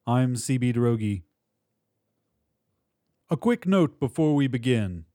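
A man hosts a short-fiction podcast and reads the story in a measured, deliberate manner. His delivery is unhurried and his tone mellow and dark. The sound is dry and close, with no room around it. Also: mid-range voice, expressive, no room sound. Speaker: podcast host and narrator. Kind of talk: scripted story narration.

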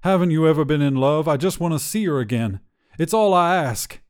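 A man's voice: medium pitch, expressive, a little slow, darkish tone, close to an everyday voice. A man voicing a grieving young husband who speaks in a pleading, heartfelt way.

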